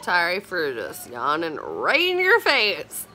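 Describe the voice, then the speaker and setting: A tired woman in her thirties chatting on a casual morning vlog at home, filmed on a phone camera, chatty and animated with sing-song teasing. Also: on the low side, slow, slight background noise. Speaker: vlogger. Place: home, indoors.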